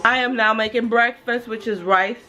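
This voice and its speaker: A woman's voice: on the high side, fairly even intonation, moderate pace, pushed and bright, highs cut off. A woman in her thirties from Jamaica, chatting casually to camera in a home vlog, rambling and full of "you know"s. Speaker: family vlogger.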